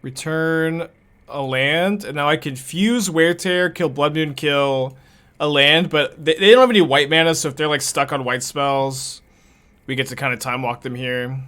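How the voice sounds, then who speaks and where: Bright-voiced man thinking aloud over gameplay. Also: on the high side, moderate pace. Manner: chatty, laughs often, thinks aloud. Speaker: card game streamer. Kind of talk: casual gameplay commentary.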